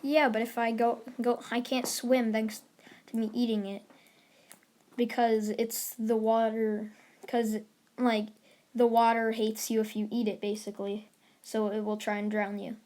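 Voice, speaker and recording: A cheerful, carefree teenage boy hero, voiced by a woman telling a fan story. He sounds eager and easygoing, in a slightly high voice. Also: level tone, measured pace, darkish tone, natural voice.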